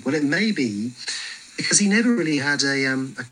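A man leading a walking tour outdoors on a city street, telling stories in a lively way with frequent fillers. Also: fairly high pitch, fairly quick, slight background noise, low-quality recording.

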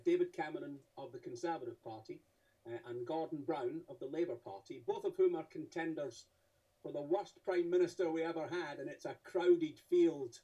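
A man's voice: fairly high pitch, mellow, breathy edge. Wry man lecturing from a distance. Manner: wry, theatrical asides to the audience. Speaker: speaker presenting cartoons to an audience. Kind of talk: humorous illustrated talk.

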